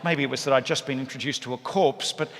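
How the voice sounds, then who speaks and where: A man, a priest, giving a sermon in a church with lively, humorous storytelling. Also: mid-range voice, fast. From Australia. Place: large church. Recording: echoey church hall.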